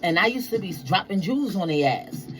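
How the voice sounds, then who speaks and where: A woman telling stories casually to her viewers, profane and animated, acting out the voices of people she quotes. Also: on the low side, a little fast, over music, poor audio.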